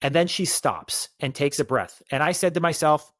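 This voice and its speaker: A man's voice: fairly high pitch, moderate pace, no echo. A man co-hosting a casual recap chat, talking emphatically and acting out what people said. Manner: animated, emphatic, acts out quotes. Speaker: podcast co-host.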